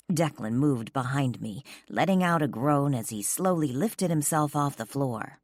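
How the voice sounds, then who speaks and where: Low-voiced expressive woman narrator. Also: a little slow, hardly any pauses, dry recording, studio quality. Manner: expressive, sharp-tongued. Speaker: audiobook narrator. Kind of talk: first-person romance audiobook narration.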